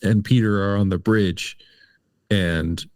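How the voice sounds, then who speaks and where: A man's voice: on the low side, steady tone, takes it slowly, a little mellow, dry recording, clean studio sound. A man co-hosting a casual film review podcast, talking things through hesitantly with many fillers. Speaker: podcast co-host.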